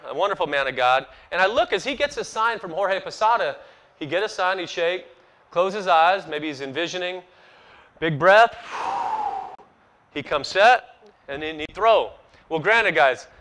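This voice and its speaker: A man in his forties, a former ballplayer, telling a lively story to an audience at a ballpark event and acting out the quotes. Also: sits high, rough recording. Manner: animated storyteller, acts out quotes, laughs at himself. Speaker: former pro baseball player speaking at an event.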